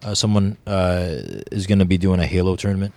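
A man co-hosting a gaming podcast, teasing the others with quick interjections. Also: deep voice, little pitch movement, darkish tone, dry recording. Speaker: podcast co-host. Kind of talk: casual chat.

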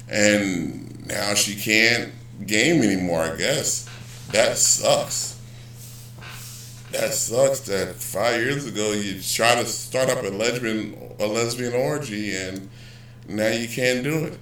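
Slow rambling man, roomy distant audio. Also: medium pitch, fairly bright tone. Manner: rambling, self-correcting, joking asides. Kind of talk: casual rambling vlog.

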